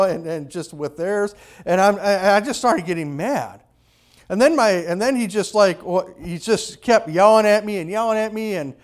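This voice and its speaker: High, smooth-voiced man telling a sermon story. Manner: animated, conversational storytelling with restarts.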